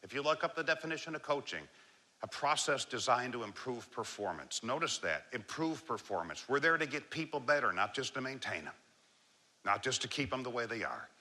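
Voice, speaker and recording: A man delivers a keynote on leadership to a live audience, his pitch leaping and dropping with lively range. His voice is very bright and sharp, and he moves between forceful emphasis and a low, slow, calm register. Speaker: leadership speaker. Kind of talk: motivational keynote talk.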